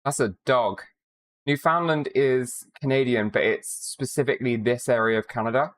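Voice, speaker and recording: A woman's voice: very deep voice, normal speed. Chatty, profane woman streamer. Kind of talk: casual live-stream chat.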